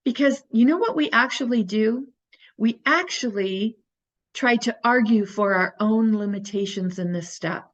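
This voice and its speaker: Earnest woman teaching, slightly high voice. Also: measured pace, lo-fi sound. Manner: earnest, coaching with rhetorical questions. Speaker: teacher of an inner-child healing course. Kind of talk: recorded course talk.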